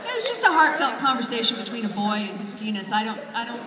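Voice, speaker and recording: A woman's voice: a little high, very animated, quick pace, very noisy. Funny woman author doing a keynote, heard from far back in a big hall, audience laughing around. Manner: wry, self-deprecating, punchy jokes. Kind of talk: comic keynote speech. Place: large hall. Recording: echoey hall from far off, crowd.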